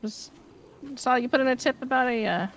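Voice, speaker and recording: Hesitant woman with a fairly high voice. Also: a little fast, rough recording. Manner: hesitant, apologetic, many fillers. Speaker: sheriff's department officer in role-play. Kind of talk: role-play phone call. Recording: game car noise behind.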